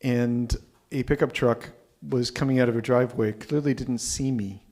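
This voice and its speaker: A man hosting a live storytelling event, relaxed and conversational, with occasional stumbles. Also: medium pitch, normal speed. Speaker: event host. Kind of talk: casual hosting chat.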